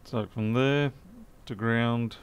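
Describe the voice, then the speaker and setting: An electronics repair technician talks through a circuit board repair on a live stream, thinking aloud in a methodical, muttering way. His medium-pitched voice is clear and resonant, with fairly even intonation and a slow pace.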